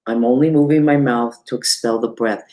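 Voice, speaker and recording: A spiritual teacher, she covers mantras and mudras in an easygoing online class full of self-mocking remarks and wide swings in pitch. Even so, her intonation stays fairly level overall, her tone is warm, and she speaks rather quickly.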